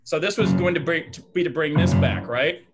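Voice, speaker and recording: A man on a podcast pitching a film scene, acting it out with shouted lines and sound effects. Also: brisk, over loud music. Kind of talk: animated story pitch.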